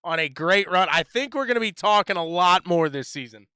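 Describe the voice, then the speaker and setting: A man's voice: sits high, animated, a little fast, sharp tone, clear, resonant tone, dry recording. A man interviewing drivers after a race in an upbeat, hyped sports-broadcaster manner. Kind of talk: post-race interview on a sim racing broadcast.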